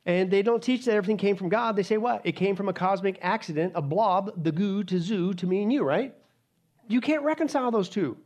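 Male pastor, somewhat high-pitched, emphatic sermon delivery, lots of "right?" and "folks.". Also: a little fast, darkish tone. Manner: emphatic, rhetorical questions, addresses the crowd as folks.

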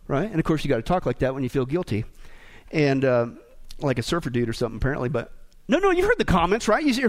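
A man's voice: fairly high pitch, wildly swooping pitch, quick pace. A man preaching a sermon in a joking, exclamatory manner. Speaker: pastor.

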